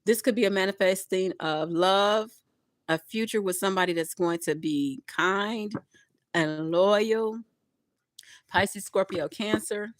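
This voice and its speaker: A woman's voice: mid-range voice, slow pace, dry recording. Encouraging woman tarot reader, dry close sound. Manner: repetitive, encouraging, addresses viewers as y'all. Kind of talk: collective tarot reading, spiritual pep talk.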